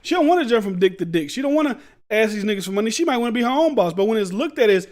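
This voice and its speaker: A man's voice: sits high, lively intonation, racing, a little mellow. A man hosting a podcast, giving blunt, rambling commentary in slangy street talk. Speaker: podcast host. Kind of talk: casual commentary.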